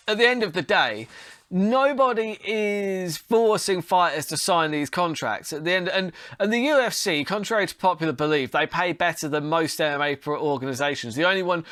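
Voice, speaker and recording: A man's voice: a little high, animated, fairly quick, bright, forceful tone, no echo, clean studio sound. Sweary man ranting on his podcast. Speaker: podcast host. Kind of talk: solo podcast monologue.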